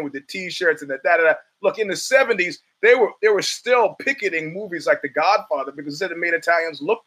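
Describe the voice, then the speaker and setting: Male podcast host, rambling and restless, bright, pushy tone. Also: a little high. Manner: rambling and animated, with many restarts and stammers. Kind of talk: casual monologue.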